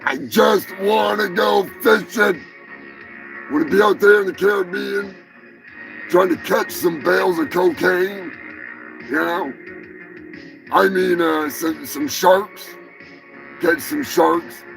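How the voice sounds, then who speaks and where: Gravelly, sarcastic man ranting. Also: high voice, fairly even intonation, slow, long pauses, soft background music, poor audio. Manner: sarcastic, profane, bursts into shouting. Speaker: host. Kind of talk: comedic rant on a live show.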